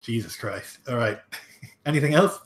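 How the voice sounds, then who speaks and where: A man's voice: mid-range voice, lively intonation, moderate pace, roomy sound. A man running a tabletop game as game master, talking loosely with lots of fillers.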